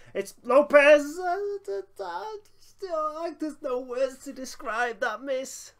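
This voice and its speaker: A young man giving excitable running commentary over a football management game, breaking into laughter and shouts. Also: fairly high pitch. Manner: excitable, bursts into shouting and laughter at big moments. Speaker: gaming YouTuber.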